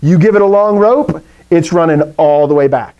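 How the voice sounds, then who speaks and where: A man's voice: a little high, normal speed, dark tone, smooth, dull audio. A man teaching a Greek class, explaining rules playfully and asking his students questions. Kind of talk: live classroom lesson.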